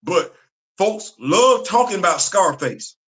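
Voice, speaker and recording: Emphatic man with a bright voice. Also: high voice, animated, slow. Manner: emphatic, repeats phrases for effect. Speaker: commentary channel host. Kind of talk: casual opinion commentary.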